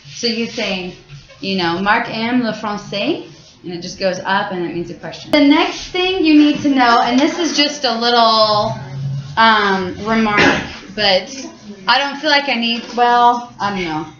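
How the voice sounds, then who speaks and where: A woman's voice: a little high, lively intonation, unhurried, a bit bright. Woman teacher, casual and rambling, echoey lo-fi classroom recording. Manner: casual, explains with many fillers and restarts. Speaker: French teacher. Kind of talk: classroom lesson. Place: high school classroom. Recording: echoey classroom, dull lo-fi sound.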